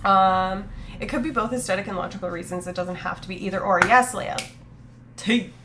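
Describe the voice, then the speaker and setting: A woman's voice: mid-range voice, fast, background noise. A woman streamer in casual livestream chat, sniffly with a stuffy nose, rambling and swearing casually as she talks to her chat.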